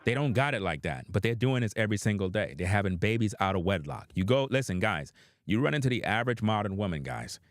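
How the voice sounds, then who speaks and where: A man's voice: fairly low pitch, animated, fast talker, no room sound. Blunt, profane commentator man. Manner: blunt, profane, preachy, addresses viewers as guys. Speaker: reaction commentator. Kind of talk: opinionated commentary.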